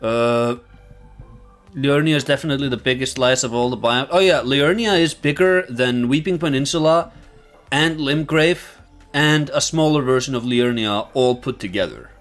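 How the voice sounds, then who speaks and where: A man's voice: medium pitch, moderate pace, a bit bright, faint music behind. A man chatting casually with viewers on a livestream, thinking aloud and rambling with many fillers and restarts. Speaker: streamer and video essayist.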